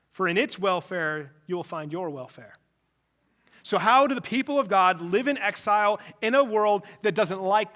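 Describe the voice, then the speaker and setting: A man preaching a sermon at his church, animated and conversational, often acting out what imagined people would say. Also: high-pitched. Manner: animated, acts out imagined people in quick asides. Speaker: pastor.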